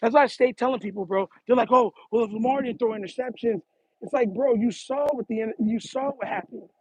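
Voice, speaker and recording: A young man chatting on a live stream, animated and repetitive, calling people "bro" as he talks to his chat while running errands. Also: extremely high pitch, husky, no room sound, poor audio. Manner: animated, repeats himself, says "bro" a lot.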